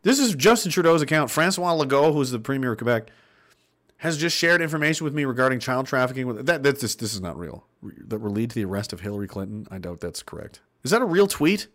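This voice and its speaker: A man's voice: medium pitch, sing-song, quick pace, a bit bright. A man in his thirties hosting a stream, reading chat messages aloud and ranting with a lot of profanity. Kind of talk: casual livestream rant.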